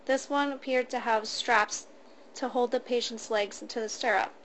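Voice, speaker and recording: A woman reads a first-person story aloud in a steady, matter-of-fact way. Her voice sits somewhat high, with a light hum of ambience behind it. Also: normal speed. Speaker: narrator.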